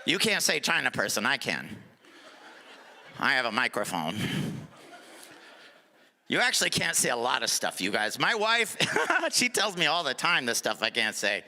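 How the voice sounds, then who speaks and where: A middle-aged male stand-up comedian performing a live set, sarcastic, sometimes dropping to a low mutter for asides. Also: very animated, moderate pace, long pauses, sharp tone. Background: audience laughter.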